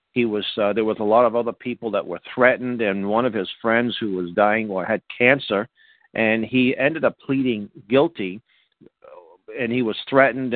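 A man's voice: medium pitch, dry recording. A man from Boston hosting a talk radio interview, rambling through announcements with many fillers and restarts. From Boston, USA. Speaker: radio show host. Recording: dry, tinny phone-like sound.

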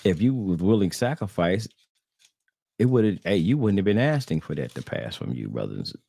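Deep gravelly man preaching rhetorically. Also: big pitch swings, normal speed, warm tone. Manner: rhetorical, repetitive questioning, addresses "brothers and sisters". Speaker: religious podcast host. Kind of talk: preaching-style commentary to online audience. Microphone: screen-sharing computer setup.

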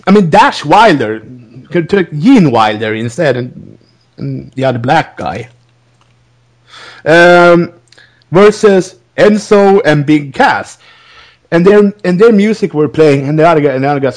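A man's voice: fairly high pitch, expressive, unhurried. A man hosting a podcast, recapping wrestling in a rambling, casual way, laughing often between restarts. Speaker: podcast host.

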